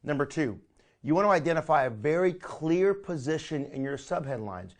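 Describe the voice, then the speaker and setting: A man teaching a live online marketing training, energetic and coaching, often calling his listeners "my friend". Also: fairly high pitch, normal speed.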